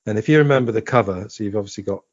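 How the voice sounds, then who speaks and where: Chatty man, low voice, dry sound. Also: darkish tone, no room sound. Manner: chatty, reminiscing, quick to laugh. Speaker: podcast host. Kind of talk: casual podcast conversation. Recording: dull, dry lo-fi audio.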